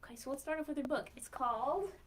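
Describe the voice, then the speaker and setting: A woman librarian reading a picture book aloud to young children in a sing-song way, pausing to ask questions and count slowly. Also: high-pitched, slight background noise.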